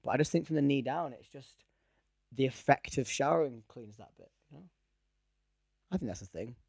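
A man's voice: mid-range voice, moderate pace, creaky, darkish tone, slightly rough, no room sound. Rambling young man, dry sound. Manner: rambling, laughs often. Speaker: podcast co-host. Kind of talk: casual chat.

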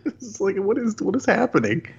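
A man in casual chat as a podcast co-host, laughing and joking, slipping into quick impressions. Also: high-pitched, vocal fry, slightly rough, dull audio. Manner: laughing, animated, jokey impressions.

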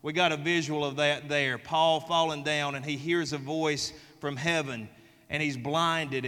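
Man with a Southern US accent, sermon, high bright voice, folksy storytelling, long hall reverb. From American South. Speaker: pastor.

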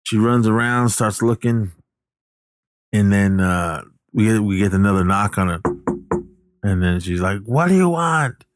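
A man's voice: fairly low pitch, steady tone, unhurried, long pauses, slight background noise. A man casually retelling a film plot, rambling, backtracking to correct himself and briefly acting out the characters' lines. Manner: acts out the characters' lines in passing.

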